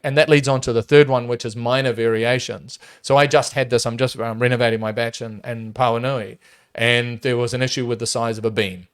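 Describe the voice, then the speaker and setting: A man's voice: mid-range voice, brisk, smooth. Emphatic man. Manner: emphatic, animated, frequent restarts. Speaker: property developer guest. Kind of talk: casual podcast interview.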